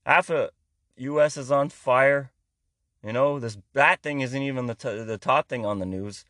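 A man's voice: mid-range voice, moderate pace, fairly bright tone, dry recording. Foul-mouthed man ranting. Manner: heavy swearing, rambling, sarcastic. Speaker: comedian. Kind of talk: profane comedic rant monologue.

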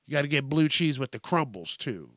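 A man hosting a solo podcast in a casual, profane, animated rant, acting out quotes and jumping between topics. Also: on the high side, brisk, no room sound, clean studio sound. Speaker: podcast host.

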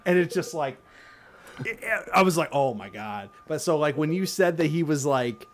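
A man co-hosting a casual podcast chat, rambling and animated, often slipping into silly impressions. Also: fairly high pitch, moderate pace. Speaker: podcast co-host.

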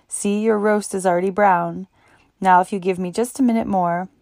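A woman voicing a kind young woman who runs a kitchen, talking briskly and gently. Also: medium pitch, steady tone, no echo, clean studio sound, natural voice.

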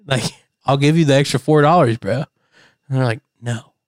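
A man's voice: mid-range voice, moderate pace, no room sound, studio quality. A young man co-hosting a podcast, telling rambling stories with lots of laughter and swearing. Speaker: podcast co-host. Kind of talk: casual chat.

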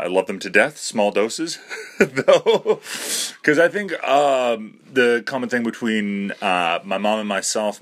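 Rambling self-mocking man, nervous laughs. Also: on the low side. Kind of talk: rambling monologue.

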